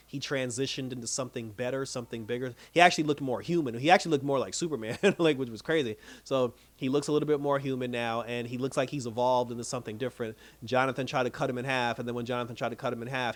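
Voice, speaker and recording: A man casually recapping and reviewing a TV episode, telling it with lively reactions and laughing as he goes. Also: medium pitch, no room sound. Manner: animated storytelling, laughs while retelling scenes.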